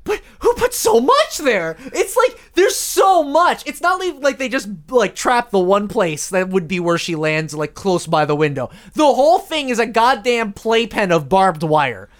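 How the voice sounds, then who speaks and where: A woman's voice: fairly high pitch, very animated, a little slow, few pauses. A woman co-hosting a podcast, chatting casually and sarcastically about a movie, often laughing. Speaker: podcast co-host. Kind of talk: casual movie reaction chat.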